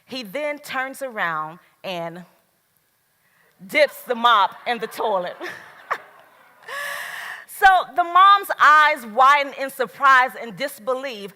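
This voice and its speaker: A woman giving a motivational speech at a business event, slow and emphatic, with dramatic pauses. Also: high voice, animated, bright, forceful tone. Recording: long reverb of a large hall.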